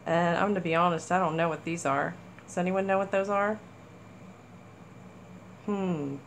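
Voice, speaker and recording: A woman hosting a casual crafting haul video, gushing with excitement over small items. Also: on the low side, normal speed, slight background noise, rough recording. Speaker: crafting channel host. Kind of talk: casual haul chat to camera.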